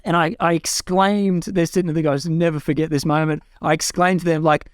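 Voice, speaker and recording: A guest from Australia, in his 40s, shares his life story in conversation from a home room with a bookshelf. His voice is on the high side at normal speed with few pauses, frank and earnest, rising into excited self-quotes, recorded in studio quality without room sound.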